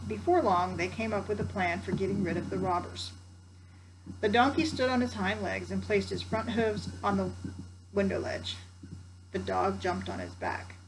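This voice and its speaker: A woman's voice: mid-range voice, sing-song, moderate pace, noisy background. An older woman, a grandmother, reading a children's story aloud with chatty asides to her grandsons. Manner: warm chatty asides to the listener.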